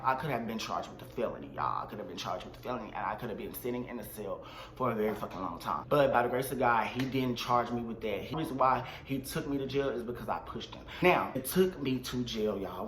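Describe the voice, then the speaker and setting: A man telling a storytime vlog in an animated, slangy and dramatic way. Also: mid-range voice, roomy sound. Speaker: vlogger.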